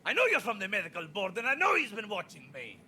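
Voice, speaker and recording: A man's voice: huge pitch swings, fast talker, pushed and bright, a little hiss or hum, heavily acted. A man voicing a paranoid, unhinged middle-aged male doctor in a video game, with an erratic put-on accent and a sneering manner. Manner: sneering, swinging between high shrill and deep growl.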